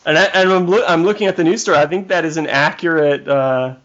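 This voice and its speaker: A man's voice: fairly high pitch, fast talker, fairly bright tone, muffled recording. A man co-hosting a podcast, making wry quips and laughing often. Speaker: podcast co-host. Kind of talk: casual comedic podcast chat.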